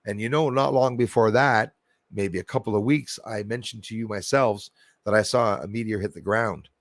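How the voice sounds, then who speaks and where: A man's voice: fairly low pitch, normal speed, no echo, clean studio sound. Rambling man reading space news. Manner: rambling, skeptical asides, restarts mid-sentence. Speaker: news vlogger. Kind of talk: casual commentary reading news aloud.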